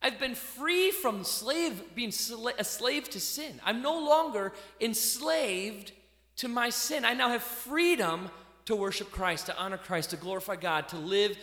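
A man delivers a sermon in a bright, high voice. He is animated, pushing some phrases out loudly and dropping others low and quiet. The sound rings around a large echoey hall. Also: unhurried. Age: adult parent. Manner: animated, swings between loud emphasis and quiet asides. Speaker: pastor.

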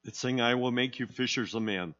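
A man's voice: mid-range voice, a little fast, fairly bright tone, muffled recording. A man leading a congregation in a simple hymn, sung unhurriedly. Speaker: song leader.

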